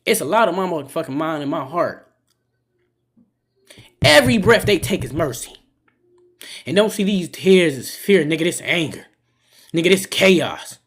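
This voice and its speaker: A man's voice: high-pitched, sing-song, normal speed, pauses often, a bit bright, slightly rough. Brief: male live streamer, fiery and preachy, swears a lot, phone mic. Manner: impassioned, profane, preachy. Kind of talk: live stream reaction talk.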